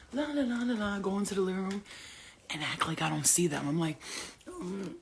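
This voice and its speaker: A woman host telling stories on a casual livestream, blunt, profane and animated. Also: medium pitch, fairly quick, vocal fry, slight background noise. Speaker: host talking about spirit guides.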